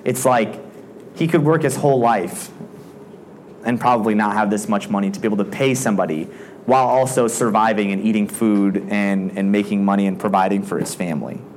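A man's voice: lowish voice, fairly quick, darkish tone, a little hiss or hum. A man preaching a casual sermon, retelling a parable in a chatty way full of "like" fillers. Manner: conversational, frequent "like" fillers.

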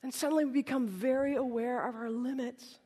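Woman preacher, high voice, chatty and humorous delivery, echoing worship hall. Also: steady tone, a little fast, mellow, husky. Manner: conversational and humorous, acts out dialogues. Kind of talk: sermon. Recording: reverberant hall.

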